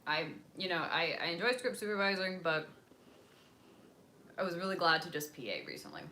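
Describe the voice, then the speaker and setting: In casual chat with her live audience, a young American woman speaks a little fast in a bright, forceful, expressive voice on the low side. Her talk rambles, packed with fillers, drifting across topics and languages. Slight background noise is present.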